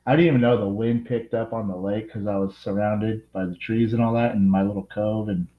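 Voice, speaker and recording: A man's voice: on the low side, fairly even intonation, fairly quick, reverberant, lo-fi sound. A man casually telling how his fishing tournament day went, rambling with lots of "like". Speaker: tournament angler interviewee. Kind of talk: casual storytelling.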